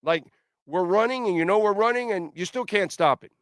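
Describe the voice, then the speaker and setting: A man's voice: high-pitched, expressive, a little fast, a bit bright, no echo, clean studio sound. A middle-aged man hosting a sports talk radio show, ranting bluntly and lecturing listeners.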